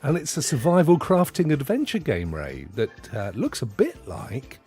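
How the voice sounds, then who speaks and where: A man's voice: moderate pace, husky, faint music behind. A British man co-hosting a casual gaming podcast, rambling and jokey. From United Kingdom. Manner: rambling, jokey, very lively pitch. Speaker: podcast co-host.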